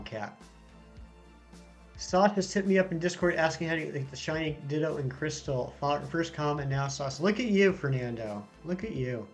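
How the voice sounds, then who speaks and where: Young man with a somewhat high voice, talking casually over faint music. He banters easily with his viewers and reads their comments aloud as he goes. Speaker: streamer reading chat. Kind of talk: casual live-stream chat.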